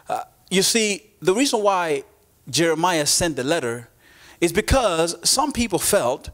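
A man's voice: sits high, expressive, normal speed, fairly bright tone. A man preaching a sermon, earnest, often repeating words and acting out voices he quotes.

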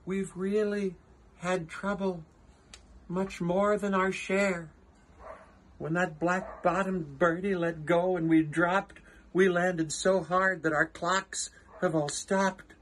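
A man's voice: high-pitched, flat delivery, slow pace, fairly bright tone, pitched above the performer's own voice, full character voice. A man voicing a fretful, tiny male mayor who complains of his troubles in a raised voice. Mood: rattled. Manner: rattled, complaining.

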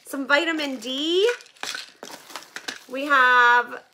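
A woman's voice: sits high, extremely slow, sharp tone, slight background noise. A woman vlogger chatting casually to her viewers while opening donations, gushing with thanks and saying "like" and "oh my gosh" a lot. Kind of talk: casual live chat to viewers.

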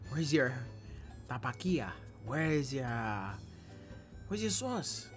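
Soft music plays behind this young food-tasting vlogger as he reviews dishes at home, filmed on a camera or phone. His mid-range voice moves slowly in a sing-song way, full of slang and over-the-top reactions.

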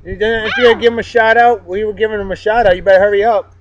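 A man hosts a casual vlog, upbeat and joking as he gives shout-outs to friends. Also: sits high, fairly even intonation, very fast, background noise. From Massachusetts. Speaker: vlog host. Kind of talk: casual chat. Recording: dull, dry sound.

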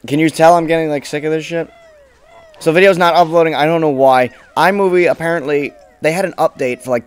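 A young man commentating his own gameplay casually, swearing often and bursting into frustrated shouts. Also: on the high side, clear, resonant tone. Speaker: let's play gamer.

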